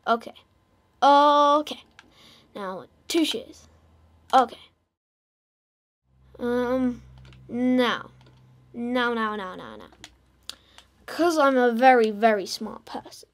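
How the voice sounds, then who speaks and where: A woman's voice: fairly high pitch, slow pace, long pauses. A woman giving casual gameplay commentary, playfully talking to and teasing her game animals. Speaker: gamer.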